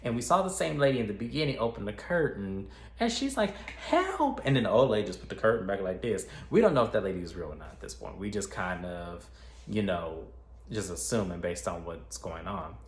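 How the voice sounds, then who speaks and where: A man's voice: low voice, fairly quick, slight background noise. A man casually retelling a film plot as a movie reviewer, chatty and profane, talking straight to his viewers. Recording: roomy echo, faint ambience.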